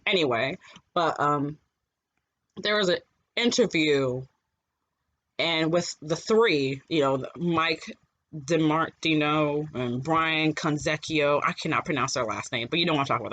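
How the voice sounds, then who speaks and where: A podcast co-host chats casually at a middle pitch. The delivery is animated and rambling, full of fillers and quick laughs. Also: dull audio. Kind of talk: casual chat.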